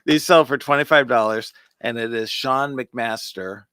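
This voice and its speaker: A man's voice: medium pitch, unhurried, fairly bright tone, clean tone, dry recording, clean studio sound. A man co-hosting a casual chat show about magic, explaining tricks step by step and counting aloud. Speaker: podcast co-host.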